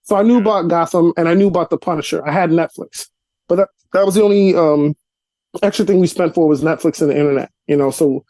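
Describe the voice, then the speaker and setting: A man's voice: fast talker, dry recording. A young adult man from Brooklyn, a guest telling casual stories in an interview over a video call from his apartment, acting out dialogue as he goes. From Brooklyn, New York. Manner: animated storyteller, acts out dialogue with rising pitch. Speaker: actor and comedian guest. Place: cluttered apartment room.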